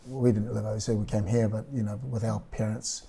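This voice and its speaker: A middle-aged man and parent on a panel, talking in a relaxed, rambling way with chuckles. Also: lowish voice, quick pace, creaky. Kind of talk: casual panel chat.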